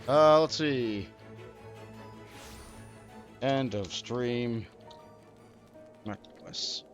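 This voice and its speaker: A man's voice: medium pitch, extremely slow, soft background music. A man streaming a game, chatting casually and laughing often in a self-mocking way as he plays. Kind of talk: casual gameplay commentary.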